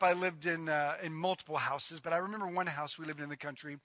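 A man's voice: on the high side, bright, forceful tone, no echo. A middle-aged man preaching a sermon as pastor, emphatic and conversational, building points by repetition.

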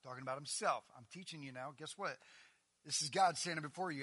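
A male preacher delivering a sermon with animated, emphatic energy, swinging from loud declarations to hushed asides. His voice is high and cutting, very bright and forceful. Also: quick pace, breathy edge, big-room sound.

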